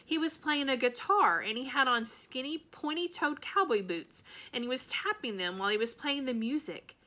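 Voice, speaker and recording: A woman reads a children's novel aloud in a bright, clear voice. Her pace is steady and storybook-like, and she voices the characters only lightly. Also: high voice, normal speed. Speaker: reader.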